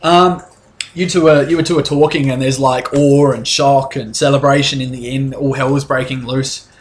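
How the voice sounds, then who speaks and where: A man's voice: medium pitch, steady tone, moderate pace, slight background noise. A young man narrating as game master of a tabletop game, rambling and casual with many fillers.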